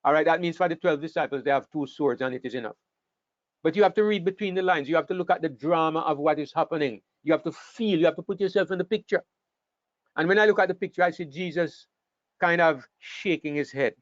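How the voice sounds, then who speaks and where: A man teaching an online Bible class, talking in an animated way and sometimes repeating words as he thinks. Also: on the high side, quick pace, dry recording. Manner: animated, acts out scripture quotes, repeats words while thinking. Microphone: online call microphone. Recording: dull, dry online call audio.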